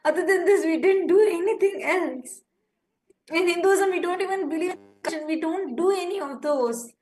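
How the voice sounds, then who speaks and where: With slight background noise and a moderate pace, a woman's bright, high voice delivers an urgent live-streamed appeal. She speaks with passion, pleading with listeners and reacting indignantly to critics.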